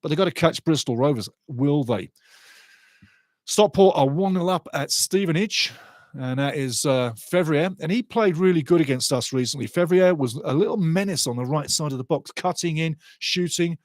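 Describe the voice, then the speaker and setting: A man's voice: fairly high pitch, moderate pace, dry recording. A man hosting a live football watch-along, chatting through scores and match statistics. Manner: chatty, reads out scores and stats.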